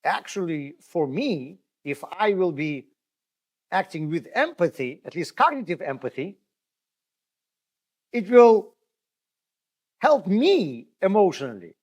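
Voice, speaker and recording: A rabbi teaching a group, his voice sitting high for a man and swinging widely up and down. He talks to his listeners directly, tells stories and often restarts his phrases. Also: slow, pauses often. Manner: animated, storytelling, repeats and restarts words, addresses listeners directly. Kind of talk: spoken Torah lesson.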